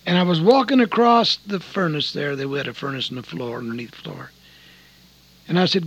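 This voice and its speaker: A man's voice: high voice, big pitch swings, normal speed, no room sound. A middle-aged man preaching a sermon, telling his own story in an earnest, folksy way. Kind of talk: sermon with personal testimony. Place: Seattle. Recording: dull lo-fi sermon recording.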